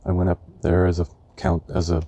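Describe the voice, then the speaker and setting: A man in his seventies from California, telling rambling memories of his youth, halting often as he searches for names. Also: deep voice, monotone, warm tone. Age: 70s. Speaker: memoirist. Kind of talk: reminiscing memoir narration.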